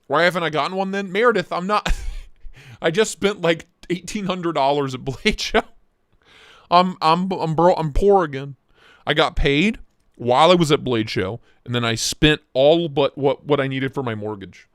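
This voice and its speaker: Young male host, jokey and excitable, slightly high voice, dry home-office sound. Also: moderate pace, dry recording. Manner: excitable, joking, reacts to chat. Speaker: livestream host reviewing knives. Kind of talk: casual live-stream chat.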